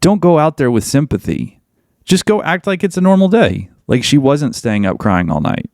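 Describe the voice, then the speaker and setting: A man's voice: fairly high pitch, very animated, moderate pace, darkish tone, no echo, clean studio sound. A man hosting a podcast, delivering a blunt, emphatic monologue that hammers points home through repetition. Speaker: podcast host.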